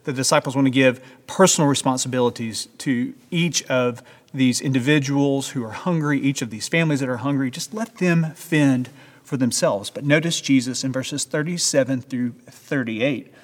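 A man's voice: mid-range voice, normal speed, big-room sound. A man pastor preaching a sermon in an earnest, emphatic way, asking his listeners rhetorical questions.

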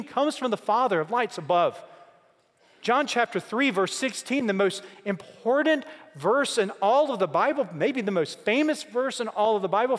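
A man preaching a sermon, building through repeated rhetorical questions and slow, emphatic pauses. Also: high voice. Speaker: pastor. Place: church sanctuary. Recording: long hall reverb.

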